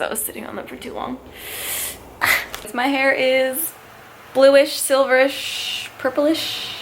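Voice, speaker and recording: Chatty young woman vlogging, faint hiss. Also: mid-range voice. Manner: chatty, animated, lots of fillers. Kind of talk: casual storytelling to camera.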